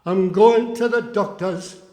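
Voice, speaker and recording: A man's voice: sits high, slow, darkish tone, pitched above the performer's own voice. An older man with a Geordie accent playing a muddled Geordie man who earnestly mixes up long words, on a small theatre stage. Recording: echoey live room.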